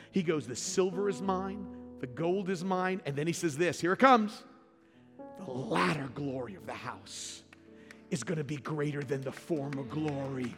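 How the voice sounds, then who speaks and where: Preaching man in a reverberant hall. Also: on the high side. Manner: preaching with rising, emphatic peaks and repeated lines. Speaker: pastor. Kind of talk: sermon. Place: church sanctuary. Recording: long hall reverb with faint music.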